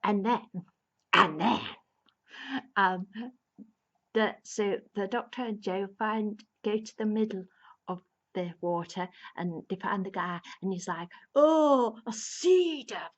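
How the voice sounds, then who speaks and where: A woman's voice: medium pitch, steady tone, measured pace, pauses often, fairly bright tone. Rambling woman with a dull lo-fi sound. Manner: rambling, with many restarts and fillers; amused, laughs between lines. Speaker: video reviewer. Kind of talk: casual retelling of a plot.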